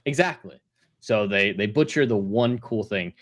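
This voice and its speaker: A man hosting a casual live review panel, opinionated and quick to mock, who slips into little character voices when retelling scenes. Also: on the low side, expressive. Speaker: show host and panel critic.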